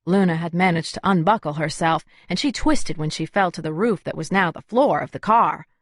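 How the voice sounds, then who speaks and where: A woman's voice: fairly low pitch, a little fast, no room sound, clean studio sound. A woman narrating a first-person audiobook in a wry, conversational way.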